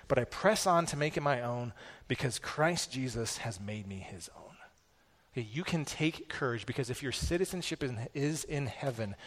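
A man in his thirties, a pastor preaching a sermon with earnest, repetitive emphatic phrasing. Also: mid-range voice.

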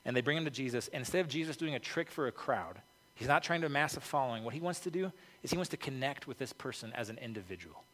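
A man's voice: mid-range voice, animated, fast, a bit bright. A man preaching a conversational sermon as pastor, informal and peppered with "okay" and "like". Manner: informal, peppered with 'okay' and 'like'. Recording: reverberant hall.

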